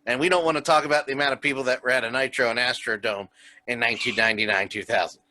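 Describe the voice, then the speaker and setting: A man hosting a casual wrestling podcast, telling stories in an animated way and laughing often. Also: mid-range voice, rapid-fire. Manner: animated storyteller who laughs a lot. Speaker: podcast host.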